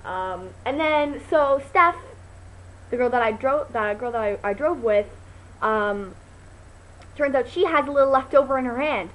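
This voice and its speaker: A woman's voice: a little slow, low-quality recording. A teenage girl vlogging, telling a rambling story with lots of ums and restarts. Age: teens. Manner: chatty and rambling, many ums and restarts, bursts into excited high quoted voices. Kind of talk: casual storytelling vlog.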